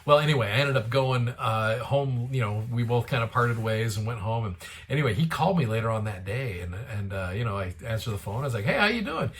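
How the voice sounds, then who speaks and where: A man's voice: mid-range voice, fairly quick. Male host, devotional storyteller, earnest and heartfelt, mid-range voice. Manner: earnest, retells dialogue with a lifted voice. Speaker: host of a daily scripture show.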